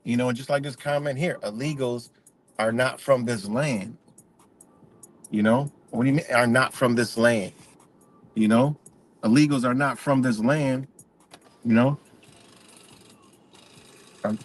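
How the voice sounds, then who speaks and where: A man hosting a livestream, ranting in a profane, rambling way and repeating himself. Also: medium pitch. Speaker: channel host. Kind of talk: livestream rant.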